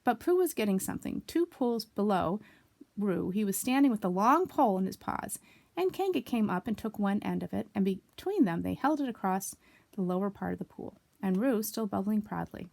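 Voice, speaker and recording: A woman reading a children's story aloud, expressive, with asides to young listeners. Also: mid-range voice, normal speed, gravelly, no echo. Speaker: storybook reader.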